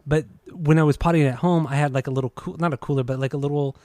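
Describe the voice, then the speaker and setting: A man's voice: fairly high pitch, steady tone, fast talker, a little mellow, no room sound. Laid-back swearing podcast guy. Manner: laid-back, profane banter. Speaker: podcast co-host. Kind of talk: casual podcast chat.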